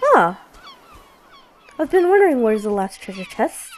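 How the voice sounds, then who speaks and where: A woman giving casual let's play commentary, reacting out loud with exclamations and laughs. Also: a little high, unhurried, slight background noise, rough recording. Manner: expressive, exclaims and laughs at the game.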